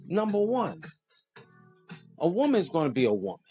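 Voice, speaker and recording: A man hosting a casual monologue, preachy and animated, joking and laughing at his own lines. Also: high voice, normal speed, lo-fi sound, faint music behind. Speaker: host.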